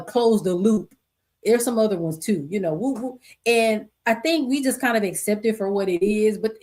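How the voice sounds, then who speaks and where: A middle-aged woman podcast host, talking casually, animated and laughing often as she reads stories aloud. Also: on the high side. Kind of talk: casual solo commentary. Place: home desk with two computer screens.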